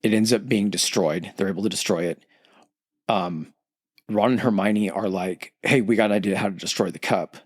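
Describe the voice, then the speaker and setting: A man's voice: on the low side, normal speed, no room sound, studio quality. A podcast host in casual chat, loosely retelling a story and acting out the quotes in his own voice.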